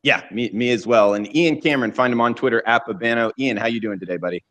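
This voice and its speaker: A man with a Southern US accent hosting a sports betting roundtable, relaxed and friendly with his guests. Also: medium pitch, quick pace. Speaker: host.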